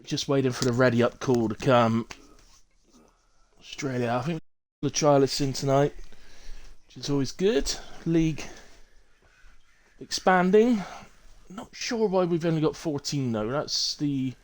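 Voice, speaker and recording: A man's voice: medium pitch, expressive, unhurried. A man with a Bristol accent casually commentating a sim racing league on a live stream, chatty and rambling with ums and self-corrections. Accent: Bristolian English.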